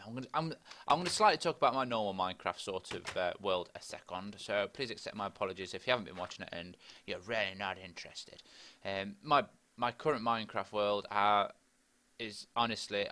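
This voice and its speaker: A man's voice: on the low side, pushed and bright. A young man chatting and rambling to himself as he plays Minecraft. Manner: chatty, rambling, talks to himself while playing. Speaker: gaming video host. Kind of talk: casual Minecraft let's play commentary.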